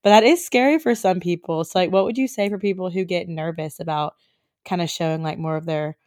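A woman's voice: fairly low pitch, fairly quick, a little mellow, no echo, clean studio sound. A young woman interviewing a guest, talking in a rambling, chatty way full of fillers. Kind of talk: casual interview chat.

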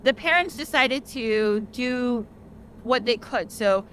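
A woman's voice: fairly high pitch, slow, slight background noise. Chatty young woman retelling a tale. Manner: chatty, animated retelling with frequent "like" fillers. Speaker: podcast host. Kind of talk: casual storytelling.

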